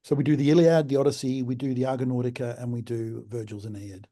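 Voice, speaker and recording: A male lecturer chatting casually and haltingly on a video call before a talk. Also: mid-range voice, fairly even intonation, warm tone. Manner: hesitant, halting. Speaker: lecturer and event organizer.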